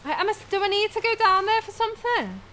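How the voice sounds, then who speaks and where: A woman's voice: very high voice, sing-song, fast, bright, forceful tone, slight background noise. A woman gamer giving jumpy horror game commentary on a headset, swearing and yelping at scares.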